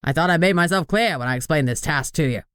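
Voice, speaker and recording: A narrator voicing a gruff, blustering male publicity boss who barks at full volume. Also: on the high side, quick pace, no echo, studio quality, close to an everyday voice. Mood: irritated. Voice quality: loud, barking.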